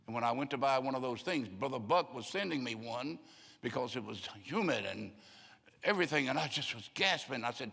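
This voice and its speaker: A man's voice: medium pitch, expressive, fairly quick, creaky, sharp tone, breathy edge. Older male pastor in a reverberant church. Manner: folksy storytelling, acts out voices of people he quotes. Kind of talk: sermon. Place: church sanctuary. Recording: long hall reverb.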